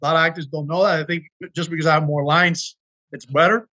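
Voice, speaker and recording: A man's voice: a little high, steady tone, quick pace, sharp tone. A man, an actor, telling earnest, emotional stories from his work in a casual interview chat. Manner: earnest, emotional storytelling with restarts. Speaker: actor guest.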